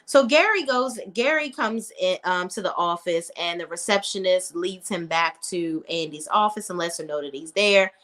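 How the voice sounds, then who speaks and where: A woman's voice: on the low side, normal speed, few pauses, a bit bright. A woman recapping a TV episode in a casual, sassy, blunt way, acting out what the characters say. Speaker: TV recap commentator.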